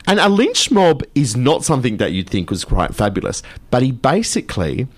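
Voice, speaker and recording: A man's voice: mid-range voice, huge pitch swings, normal speed. A man, co-hosting a community radio show and gushing through a film review in casual chat. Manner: chatty, gushing, enthusiastic. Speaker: radio co-host. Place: radio studio.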